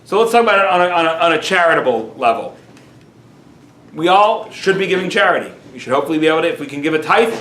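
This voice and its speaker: A man, a rabbi, teaching a lively class and telling stories, dropping in Yiddish and Hebrew words. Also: a little high, fast talker, a little hiss or hum. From United States. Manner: animated storyteller, sprinkles Yiddish and Hebrew words, self-amused. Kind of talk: lively Torah class lecture. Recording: roomy echo.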